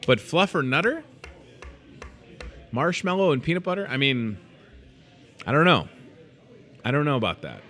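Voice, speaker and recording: A man's voice: medium pitch, very animated, moderate pace, pauses often, a bit bright, soft background music. A man hosting a store's daily show, chatting casually and joking about food with playful asides. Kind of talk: casual chat.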